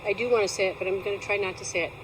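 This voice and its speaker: A woman's voice: mid-range voice, fairly even intonation, rapid-fire. A woman beekeeper talking at her hives outdoors in a chatty, playful vlog style, teasing herself as she goes. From Alaska. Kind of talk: casual outdoor how-to vlog. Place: outdoors at a bee yard. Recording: outdoor noise, passing vehicles.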